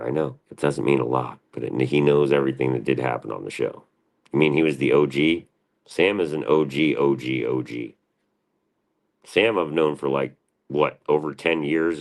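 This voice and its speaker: A man hosting a livestream, answering his chat in a profane, combative and defensive rant. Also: extremely low pitch. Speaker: livestream host.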